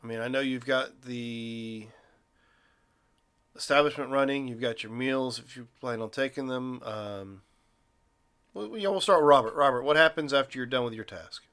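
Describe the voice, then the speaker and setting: A man's voice: mid-range voice, moderate pace, a bit bright, clean tone. A man running a tabletop game as game master, narrating casually with a joking manner.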